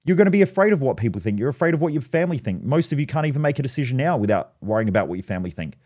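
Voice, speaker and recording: A man's voice: medium pitch, sing-song, rapid-fire, darkish tone. A man, hosting a podcast and giving a blunt motivational monologue full of swearing and personal stories. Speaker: podcast host.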